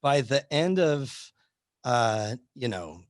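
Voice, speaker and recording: A man leads a casual live history class, wandering through his points with lots of fillers, restarts and searches for the right word. His voice sits at an ordinary middle pitch, recorded close and dry with no room sound. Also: big pitch swings, takes it slowly, dry recording. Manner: rambling, many fillers and restarts. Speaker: history teacher.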